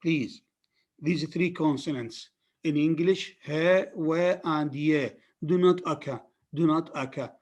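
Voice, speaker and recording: A man's voice: a little high, slow, a little mellow. A man with an Arabic accent giving a phonetics lecture, repeating key terms emphatically for students. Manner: repetitive, emphatic teaching with many restarts.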